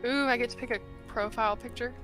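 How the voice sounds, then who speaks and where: A woman guest on a casual live podcast chat, chatty and quick to enthuse. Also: a little high, steady tone, loud music behind the voice.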